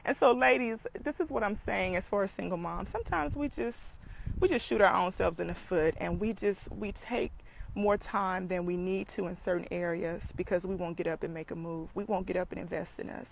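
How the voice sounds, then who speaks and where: Gravelly-voiced woman coach. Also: medium pitch, a little fast, a little hiss or hum, rough recording. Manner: emphatic, preachy, repeats for emphasis. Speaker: dating coach and speaker. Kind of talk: motivational talk.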